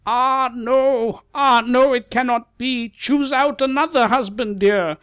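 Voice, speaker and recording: A man's voice: medium pitch, slow, no echo, lightly acted. A man voicing an old, grey-haired wise male sage in an audiobook ballad, declaiming with urgency. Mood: alarmed.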